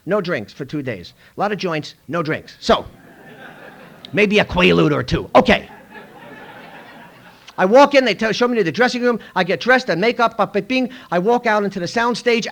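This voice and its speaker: A middle-aged man with a fairly high voice tells a story at a recovery meeting in a school room. His delivery is animated, and he jumps in and out of other people's lines as he acts them out for the crowd. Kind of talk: storytelling talk to a live audience.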